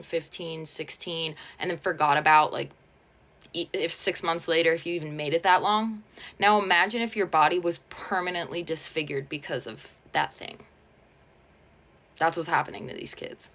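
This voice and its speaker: A woman's voice: on the low side, fairly bright tone. A woman reading online posts aloud and commenting on them in a blunt, sarcastic, casual way.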